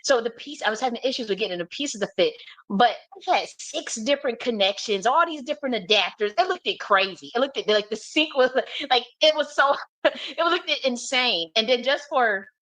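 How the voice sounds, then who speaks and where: A woman's voice: fairly high pitch, moderate pace, no echo. A woman, a spiritual reader and teacher, telling a personal story in a casual, rambling monologue, with frequent laughter and free swearing. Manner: animated, rambling, laughs often, swears freely.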